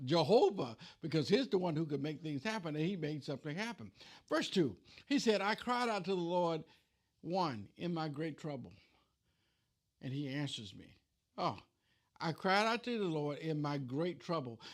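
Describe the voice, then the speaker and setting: A man with a high voice gives a relaxed, conversational Bible teaching as a preacher. He retells scripture in plain, everyday words.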